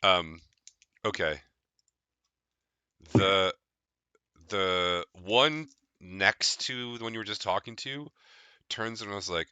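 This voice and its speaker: A man's voice: sits low, normal speed, pauses often, pushed and bright, clean tone, no room sound. A man running a tabletop game as game master, narrating casually with crude jokes and laughter.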